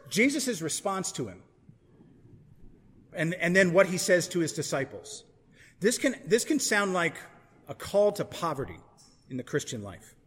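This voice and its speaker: A man with a fairly high voice preaches to a church congregation. He talks in a relaxed, conversational way and often restarts a phrase mid-thought. His voice trails off into a long church reverb. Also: husky. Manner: conversational, thinking aloud with restarts. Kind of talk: sermon.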